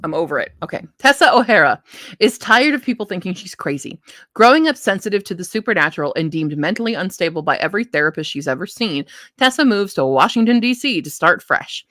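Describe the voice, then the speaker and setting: Hosting a live book stream, a woman thinks aloud while reading blurbs, constantly interrupting herself and restarting sentences. Her voice is fairly low and fairly bright, animated and quick, recorded at studio quality with no room sound.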